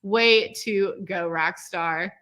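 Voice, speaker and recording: A woman hosting a quilting class celebration, gushing with praise and calling out each student's name with a loud cheer. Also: on the low side, very slow. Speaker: quilting teacher and host. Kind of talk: livestream celebration of student work.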